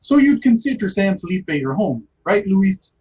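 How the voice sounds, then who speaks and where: A tabletop player voicing a calm, quietly threatening interrogator with a husky voice. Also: medium pitch, measured pace, poor audio. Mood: menacing. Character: calm menacing male interrogator.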